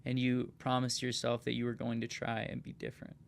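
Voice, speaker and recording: A man hosting a laid-back podcast, talking with plenty of emphasis. He keeps dropping "dude" and "man" into his sentences, and his voice has a gravelly, fry-laden edge. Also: medium pitch, completely flat delivery, fairly quick, a little hiss or hum. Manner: emphatic, peppers talk with "dude", "man" and "right?". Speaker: podcast host. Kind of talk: casual podcast conversation.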